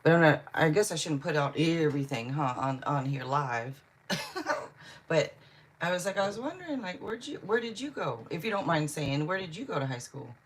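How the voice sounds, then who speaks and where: Low, husky-voiced woman chatting on a live stream. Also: lively intonation, normal speed. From Seattle, Washington. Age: adult. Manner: chatty, answers viewers' comments one by one. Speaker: tarot reader streaming live. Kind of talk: casual live-stream chat.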